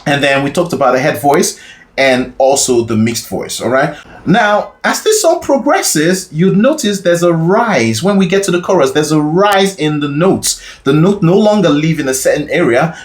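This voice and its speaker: A man with a fairly high speaking voice, teaching a singing lesson. He explains patiently in an instructional tone and keeps checking that his listeners follow along. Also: lively intonation, moderate pace. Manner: explains patiently, often checks in with "all right?".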